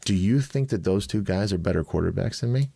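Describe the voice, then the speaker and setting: Lively storytelling man, dry close sound. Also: low voice, a little fast, vocal fry, husky, no echo. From Chicago. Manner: animated, laughing storyteller who acts out quotes. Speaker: podcast host. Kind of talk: casual storytelling chat.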